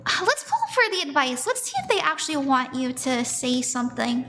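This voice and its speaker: A woman's voice: sits high, very animated, brisk. A woman doing tarot readings on a live stream, chatty and giggly as she reads the chat aloud.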